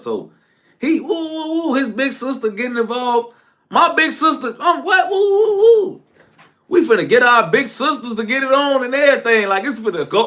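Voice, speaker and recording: A man telling a casual story, slang-heavy and profane, jumping from shouted outbursts to low mumbled asides.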